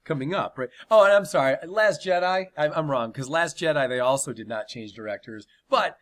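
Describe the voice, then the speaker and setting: A man's voice: on the high side, a little fast, fairly bright tone. A man hosting a comedy podcast, telling a crude story with plenty of swearing and laughter.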